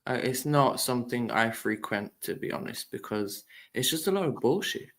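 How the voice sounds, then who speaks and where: A man's voice: mid-range voice, lively intonation, moderate pace, a bit bright. A man joining a live stream as a guest, chatting in a frank, offhand way. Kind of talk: casual live stream chat.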